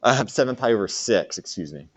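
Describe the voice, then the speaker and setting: A man teaches a math lesson to a classroom, joking and talking with his students as he works through problems. His lowish voice is expressive and fairly quick, with no room sound.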